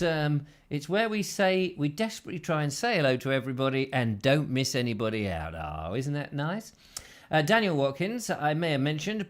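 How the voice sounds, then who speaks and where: A man's voice: medium pitch, fairly bright tone. A man hosting a live-stream show, chatty and playful, reading out viewers' names and comments. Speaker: host.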